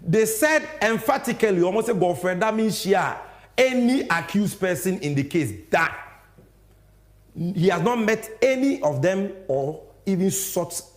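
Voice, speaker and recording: A Ghanaian man with a high voice, talking in emphatic political commentary. His pitch swings widely, rising into sing-song stresses as he slips between English and Twi. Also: animated, a little slow. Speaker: political show host. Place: studio.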